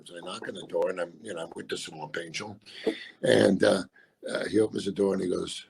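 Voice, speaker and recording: A man in his sixties, a comedian guest, telling stories in casual chat with a gravelly, husky voice and a deadpan delivery. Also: deep voice. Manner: deadpan storyteller doing quick voices of others.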